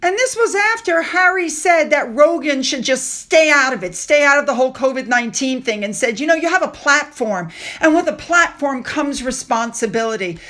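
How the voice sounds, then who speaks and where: A woman's voice: sits high, animated, normal speed, few pauses, pushed and bright. A woman hosting a casual commentary vlog, chatty and sarcastic as she reads out quotes. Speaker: commentary channel host.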